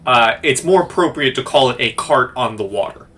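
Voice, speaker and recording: A man narrating as game master of a tabletop game, halting and full of fillers. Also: mid-range voice, expressive, a bit bright. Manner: halting, many fillers and restarts.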